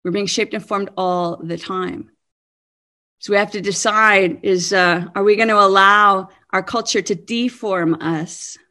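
A woman in her fifties giving a sermon-style talk, earnest and animated, laughing now and then. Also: medium pitch. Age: 50s. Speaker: speaker.

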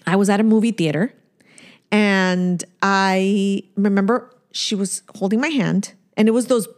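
A woman's voice: mid-range voice, unhurried. A woman in her forties, a podcast co-host, telling a story in casual chat and acting out the voices in it. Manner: animated storyteller, acts out voices.

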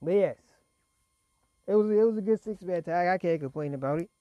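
A man's voice: high-pitched, brisk, no echo, lo-fi sound. A man casually recapping wrestling results in a rambling, chatty way, fighting a cough and laughing between points. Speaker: wrestling show reviewer.

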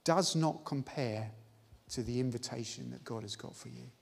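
A man's voice: medium pitch, normal speed, creaky, a little hiss or hum. A man preaching a sermon in an earnest, emphatic, exhorting manner. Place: church hall. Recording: live-stream audio with long hall reverb.

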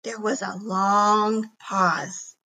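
A woman reading a children's chapter book aloud in an expressive storybook narration. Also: mid-range voice, extremely slow, low-quality recording. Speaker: reader.

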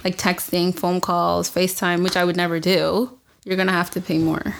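A young woman co-hosting a casual podcast chat, frank and giggly, reacting with quick asides. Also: fairly low pitch, little pitch movement, creaky, a little hiss or hum. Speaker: podcast co-host.

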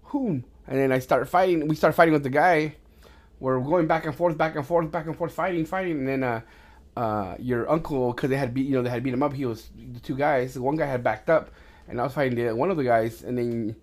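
Rambling, profane dad telling stories. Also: male voice, on the high side. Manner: rambling, with many restarts and swearing; gets loud and animated in fight stories. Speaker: podcast host talking with his son. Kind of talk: casual storytelling chat.

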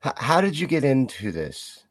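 A man hosting a show, asking relaxed, curious questions. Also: mid-range voice, normal speed, no room sound. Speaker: show host. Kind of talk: casual interview.

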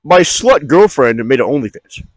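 A man's voice: on the high side, big pitch swings, normal speed, poor audio. A man doing a brash, entitled influencer impression. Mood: boastful. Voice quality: over-the-top boastful delivery. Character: brash misogynist male influencer, boastful and entitled.

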